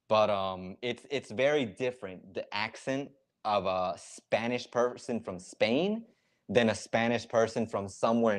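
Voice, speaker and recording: Male stream host with a lowish voice, casual and explanatory, lots of fillers. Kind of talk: casual live reaction stream, explaining slang. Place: lives in Ecuador.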